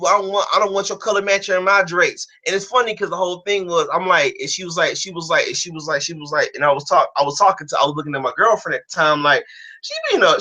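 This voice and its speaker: A man with a bright, forceful voice telling a story on a casual stream, his pitch sitting a little high. He talks with lots of swearing and restarts, getting worked up as he goes. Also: rough recording. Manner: animated storytelling, heavy profanity, many restarts. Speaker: stream co-host. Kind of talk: casual chat.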